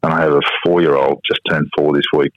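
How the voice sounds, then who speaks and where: An Australian man in his fifties, a guest in a casual podcast interview, shares family stories and sometimes imitates his small children in a high voice. He talks quickly with little pitch movement, on slightly dull podcast audio.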